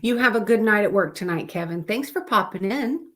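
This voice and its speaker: A woman's voice: mid-range voice, expressive, brisk, a bit bright. A woman hosting a live stream, chatting casually and rambling as she looks through pictures. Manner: chatty, rambling, with fillers and self-corrections.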